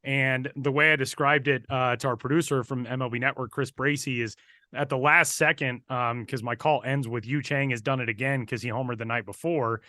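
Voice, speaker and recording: A man co-hosting a podcast and telling a story in a casual, animated way. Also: medium pitch, brisk, dry recording, clean studio sound. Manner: animated, building excitement while recounting. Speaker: podcast co-host and broadcaster.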